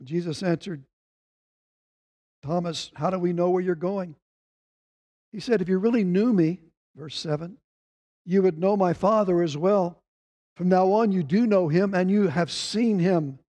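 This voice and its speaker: A man's voice: sits high, unhurried, long pauses, mellow. A man preaching a Sunday sermon, reading scripture aloud and lifting his voice when he quotes the speakers. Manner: reads scripture aloud, quoting voices with rising emphasis. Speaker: pastor.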